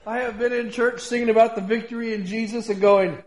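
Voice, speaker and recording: A man with a strikingly high voice preaches in a loose, devotional style. His tone is scratchy, and he swings from quiet, confiding asides to shouted emphasis. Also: a little fast. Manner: animated, swinging from hushed to shouting, laughing often. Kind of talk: informal devotional talk.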